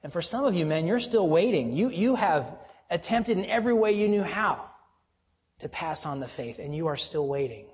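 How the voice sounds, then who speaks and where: A male pastor preaching a sermon, earnest and exhorting, often dropping to a low, quiet voice for emphasis. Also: animated, normal speed, big-room sound, lo-fi sound.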